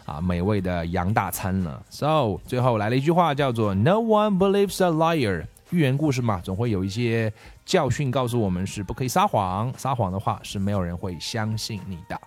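A man's voice: fairly low pitch, lively intonation, a little fast, hardly any pauses. A man teaching English vocabulary from a fable, explaining words and then reading the story aloud. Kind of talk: bilingual lesson with read-aloud story.

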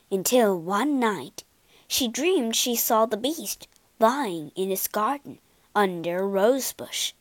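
Expressive woman reading a storybook. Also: mid-range voice, dry recording. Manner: expressive, unhurried. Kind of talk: storybook read-aloud.

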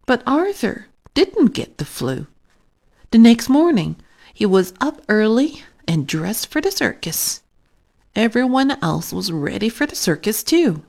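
A woman reading a children's picture book aloud in an expressive, unhurried way. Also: on the high side. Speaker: storybook reader. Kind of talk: children's story read-aloud.

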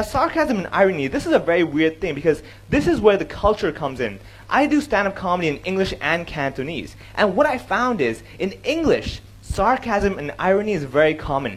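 Guy explaining how jokes work on stage, high voice, bouncy swoopy delivery, mixes in cantonese. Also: poor audio. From Hong Kong. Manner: animated, switches between English and Cantonese. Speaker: stand-up comedian giving a talk. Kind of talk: talk on comedy with joke examples. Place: stage before an audience.

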